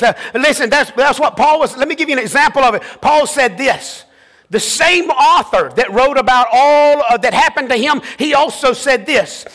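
A man preaching a sermon as pastor, impassioned, rising to shouts and repeating his phrases. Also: very high voice, moderate pace, long reverb tail.

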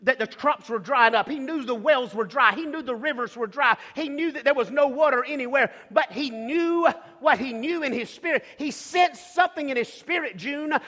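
A male preacher delivering a sermon, emphatic and repetitive, building to shouts, in a church with long reverb. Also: extremely high pitch.

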